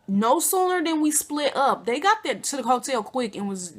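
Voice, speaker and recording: A young woman vlogger telling a casual storytime, animated and slangy, acting out quotes with big jumps in pitch. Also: normal speed, a little hiss or hum. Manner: informal slangy speech.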